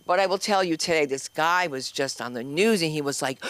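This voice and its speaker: A woman's voice: low voice, a little fast, hardly any pauses, dry recording. Brash New Jersey woman hosting comedy. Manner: brash, profane, rambling. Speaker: comedy school owner and host. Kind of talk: stand-up comedy. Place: comedy club stage.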